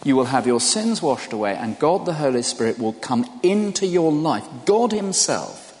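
A man's voice: on the high side, sing-song, moderate pace, darkish tone. An older man preaching a sermon in a conversational way, putting questions to his listeners. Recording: long hall reverb.

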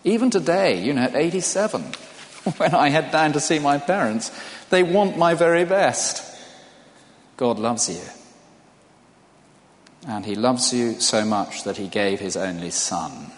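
A man's voice: mid-range voice, lively intonation, a little slow, pauses often. An older man preaching a sermon in a conversational way, putting questions to his listeners. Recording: long hall reverb.

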